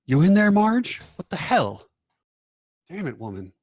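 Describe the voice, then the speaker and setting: A man's voice: fairly low pitch, sing-song, normal speed, fairly bright tone, breathy edge, no room sound, heavily acted. A man voicing a short-tempered, cursing small-town sheriff in a tabletop game. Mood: exasperated. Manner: cursing, barking questions.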